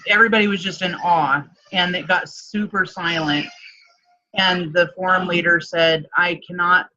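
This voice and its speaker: A woman tells her personal story in an interview, acting out what people said and filling gaps with "like" and "um". Her voice sits fairly low yet sounds bright and forceful. The recording is muffled and lo-fi. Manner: emotional storytelling with many fillers, acts out quotes. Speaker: life coach.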